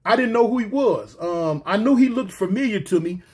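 Husky high-voiced man telling street stories. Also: brisk. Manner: slangy, repetitive, animated retelling with quoted dialogue. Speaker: storyteller. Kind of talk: casual street storytelling.

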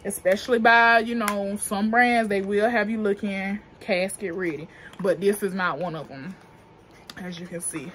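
Woman, young adult, African American English, casual makeup vlog, chatty, profane, faint background hiss. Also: mid-range voice. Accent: African American Vernacular English. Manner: chatty, slangy, profane, laughs often. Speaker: beauty vlogger.

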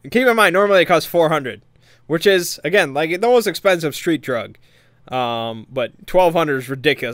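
A man's voice: fairly high pitch, animated, moderate pace, fairly bright tone, dry recording, studio quality. A man casually recapping a tabletop game session in a meandering, hesitant, amused way.

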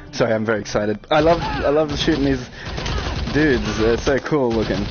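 A man giving excited live-stream commentary on a VR shooter, chatting with viewers and breaking into loud outbursts. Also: medium pitch, moderate pace. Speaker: VR game streamer. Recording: dull lo-fi stream audio with game music and gunfire. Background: game music and gunfire.

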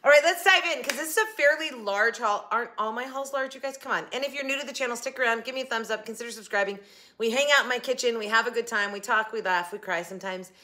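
A woman with a bright, somewhat high voice chats to her viewers from her home kitchen, recorded on a phone. She rambles and breaks off her own sentences as she talks. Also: fast talker. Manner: chatty, rambling, self-interrupting. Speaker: channel host. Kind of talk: casual haul vlog chat. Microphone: phone camera.

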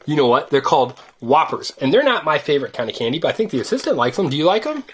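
A woman's voice: deep voice, fast, slightly rough. A woman hosting a toy-unboxing video, chatting playfully and teasingly with a child as they open surprise eggs. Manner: animated, teasing, sing-song. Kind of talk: playful chat with a child while opening toys.

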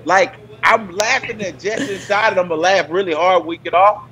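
A man's voice: high voice, fairly even intonation, fairly quick, sharp tone, poor audio. A man joining a talk show as a guest, chatting in a joking, rambling way as he tells a story. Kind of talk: casual chat.

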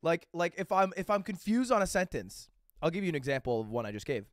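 Speaking quickly in a fairly high, sing-song voice, this livestreamer tells his chat a rambling, casual anecdote and swears freely. Along the way he tosses in "okay?" and "right?" to check in. The audio is studio quality with no echo.

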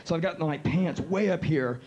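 A man performing spoken word storytelling on a live stage, animated and profane, acting out the quotes of the people in his story. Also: fairly high pitch, moderate pace, highs cut off. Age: 30s. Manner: animated, profane, acts out quotes in shifting voices.

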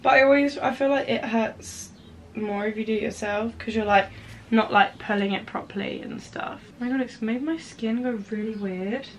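A woman's voice: fairly high pitch, normal speed, slight background noise. A young woman, vlogging in a chatty, rambling and nervous way to her phone camera. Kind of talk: casual chat to camera.

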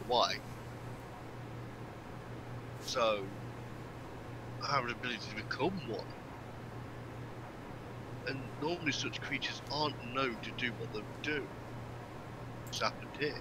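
A man's voice: medium pitch, a little slow, long pauses. Earnest player over a noisy line, man. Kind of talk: speaking in character in a tabletop game. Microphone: online voice chat.

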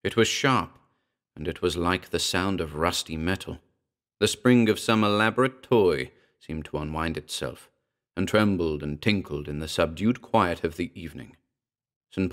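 Low-voiced man narrating a horror story. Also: a bit bright.

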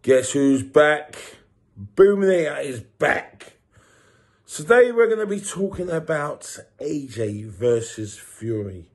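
Guy ranting about boxing on his channel, kinda high voice, swears a lot, keeps repeating himself, gets shouty. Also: big pitch swings, takes it slowly. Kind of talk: casual boxing opinion rant.

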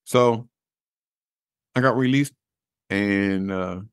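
A middle-aged man telling a personal story as an interview guest, animated and acting out the dialogue he recalls. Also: on the low side, extremely slow, clean tone, no echo, clean studio sound. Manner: animated storyteller who acts out quoted dialogue, laughs at his own jokes.

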